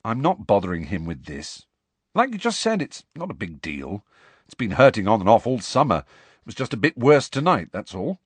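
Man voicing a moody teen boy, low, flat, irritable, husky, dry sound. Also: normal speed, no room sound. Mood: bitter.

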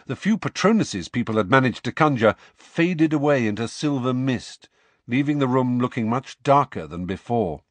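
A man narrating an audiobook in an expressive, measured storytelling manner. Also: medium pitch, no room sound. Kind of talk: scripted narration.

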